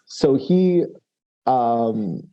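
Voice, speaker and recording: A man's voice: medium pitch, big pitch swings, extremely slow, mellow, lo-fi sound. A man playing a tabletop role-playing game, explaining his character's move with many restarts and fillers. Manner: hesitant, many restarts and fillers, laughs often. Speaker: player.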